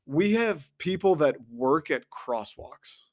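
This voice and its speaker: A man's voice: a little high, animated, slow, darkish tone. A man hosting a show, delivering a profane, sarcastic comedic rant in an exasperated tone. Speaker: podcast host.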